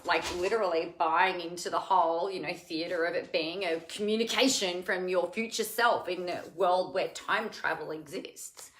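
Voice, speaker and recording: A bright, forceful woman from Australia talks casually on her live stream at home, rambling from thought to thought and calling out viewers by name. The room gives her voice a clear echo. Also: medium pitch. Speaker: live show host.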